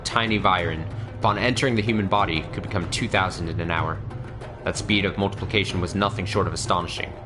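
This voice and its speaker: A man hosting a let's play, rambling casually and reading the game's story text aloud. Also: low voice. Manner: rambling, self-deprecating, swears casually.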